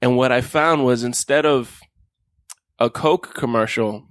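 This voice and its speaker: A man's voice: medium pitch, a little slow, clear, resonant tone, no echo. A man from Miami co-hosting a podcast in casual chat, telling stories with playful voices. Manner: animated storytelling with playful character voices. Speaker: podcast co-host presenting a list.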